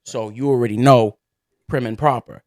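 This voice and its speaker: Co-hosting a laid-back chat, a man tells frank stories and swears now and then. His voice is medium-pitched, fairly steady in intonation and moderately paced, with a slightly dark tone captured in clean, dry studio audio.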